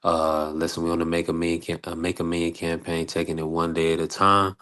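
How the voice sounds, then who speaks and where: A man hosting a live boxing talk stream, giving shout-outs to the chat with plenty of uhs. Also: sits low, brisk. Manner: shout-outs to chat, relaxed filler-heavy. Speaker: host.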